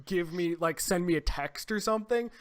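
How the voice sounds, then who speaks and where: High-voiced young man rambling on a podcast. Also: moderate pace. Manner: rambling, excitable, trails off. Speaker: podcast co-host. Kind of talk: casual chat. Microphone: desk microphone.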